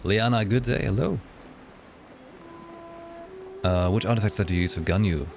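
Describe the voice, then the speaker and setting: A man chatting casually with viewers on a game live stream, lively and playful, slipping into voices for fun. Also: lowish voice, moderate pace, gravelly, noisy background.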